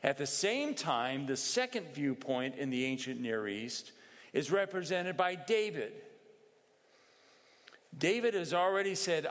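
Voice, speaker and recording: A man preaching a sermon in a measured, explanatory way, pausing for asides. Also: fairly high pitch, sing-song, fairly bright tone. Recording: long reverb in a hall.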